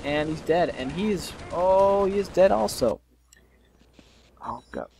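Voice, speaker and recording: A young man giving casual let's play commentary, swearing and yelling in frustration as he plays. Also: sits high, animated, a little slow, vocal fry, background noise.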